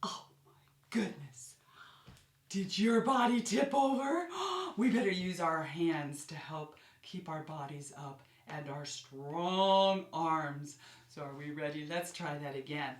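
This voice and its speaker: A woman's voice: low-pitched, takes it slowly. A woman teaching a ballet class for young children, counting beats and cheering them on with lots of gasps. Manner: animated, gasping, cheerful counting for small children. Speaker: kids' dance teacher. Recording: roomy echo, distant mic, faint music.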